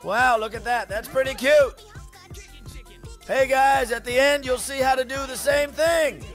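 A man hosting a reaction video, calling out excitedly at clips and pleading with viewers to subscribe. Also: very high-pitched, measured pace, faint music behind. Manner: exclamatory, keeps begging viewers to subscribe.

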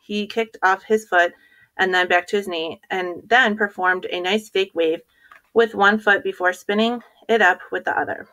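A woman teacher reads a children's chapter book aloud. Her narration is clear and steady, in a voice of ordinary middle pitch. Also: normal speed.

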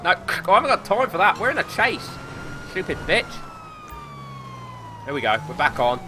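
Excitable sweary British gamer. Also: male voice, high voice, moderate pace, background noise. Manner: excitable, swears constantly, laughs often. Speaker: gameplay commentator. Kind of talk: casual let's play commentary.

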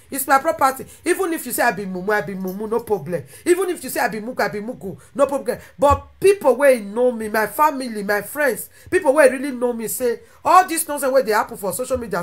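A woman speaking with a Nigerian Pidgin accent, ranting animatedly to her followers and swinging between loud outbursts and quieter asides. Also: on the high side. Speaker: social media content creator. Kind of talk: impassioned monologue to followers.

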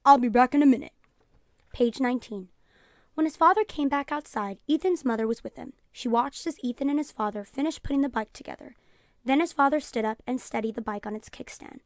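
A woman teacher reading a children's storybook aloud in a calm storytelling voice, announcing page numbers. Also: high-pitched, brisk, dry recording, studio quality. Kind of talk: children's read-aloud narration.

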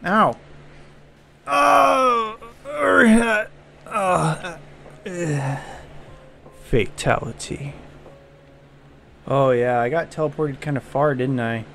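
A man's voice: medium pitch, slow pace, pauses often, a bit bright, slight background noise. A man giving comedic gameplay commentary, jumpy and self-mocking, yelping and groaning whenever danger shows up. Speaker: gaming video creator.

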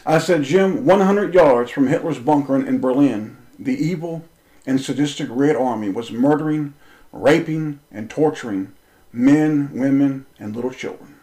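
A man telling a personal story as an impassioned monologue, intense and confrontational, swearing freely and swinging between raised and lowered speech. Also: moderate pace, dark tone, rough recording.

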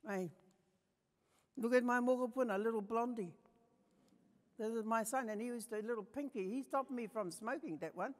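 An older woman with a New Zealand accent tells personal stories to a conference audience, her voice set fairly high. She shifts between quiet, tender passages and forceful emphasis. Her voice rings out with a long hall reverb. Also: normal speed, long pauses. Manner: passionate, swings between soft and emphatic. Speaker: conference speaker. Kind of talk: personal storytelling talk.

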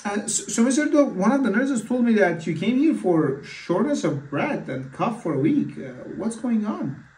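Man, physician, mock consultation, hesitant with fillers, slightly high voice, roomy echo. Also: very animated, moderate pace, darkish tone. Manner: hesitant, many fillers and restarts. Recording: echoey room, far from mic.

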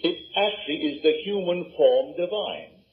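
A man's voice: on the high side, expressive, moderate pace. An older man with a Barbadian accent giving an emphatic spoken lecture, full of rhetorical questions. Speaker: lecturer on scripture and imagination. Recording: tinny lo-fi archive recording.

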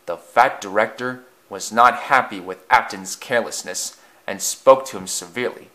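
A man's voice: fairly low pitch, moderate pace, bright, forceful tone. A man narrating a storybook as an amateur reader, with frequent slips and self-corrections.

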